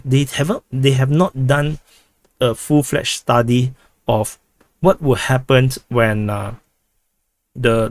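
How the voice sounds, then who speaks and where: On his laid-back livestream, a man with a Singaporean English accent responds to viewer questions in fits and starts, repeating himself and restarting with "uh." His pitch is medium and the recording is dry.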